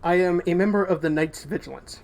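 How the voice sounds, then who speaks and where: A man's voice: high voice, brisk, vocal fry, darkish tone. A man voicing a weary male knight who hunts cultists, talking in an earnest, apologetic way.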